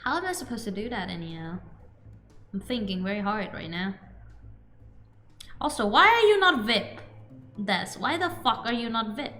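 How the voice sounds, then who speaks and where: A woman streaming a game, chatting casually and excitably with her viewers between the lines she reads. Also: mid-range voice, normal speed, pauses often, soft background music. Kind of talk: casual live-stream chat.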